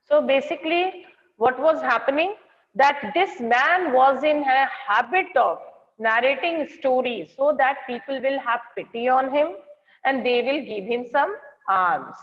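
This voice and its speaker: A woman's voice: high voice, unhurried. Female teacher, Indian English accent, online lesson, explains as she goes; lo-fi call audio, reverberant. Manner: explains words and checks if students hear her. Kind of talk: online class lecture. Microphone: online class call.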